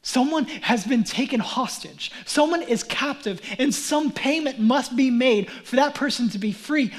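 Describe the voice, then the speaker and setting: High-voiced pastor preaching dramatically. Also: male voice, animated, normal speed, few pauses. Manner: dramatic, acts out mocking crowd voices; swings from hushed whispers to shouting. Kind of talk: sermon.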